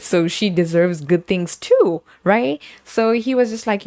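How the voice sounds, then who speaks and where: Lively young woman telling a story. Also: mid-range voice, a little slow, hardly any pauses, no echo, studio quality. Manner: animated storytelling with laughs and acted-out quotes. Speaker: podcast host. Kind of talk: casual chat.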